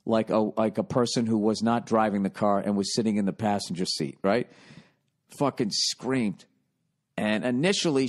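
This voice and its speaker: A man in his forties from the United States, hosting a podcast and telling a comic story in a profane, exasperated way that often turns loud and excited. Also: on the low side. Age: 40s. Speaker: podcast host.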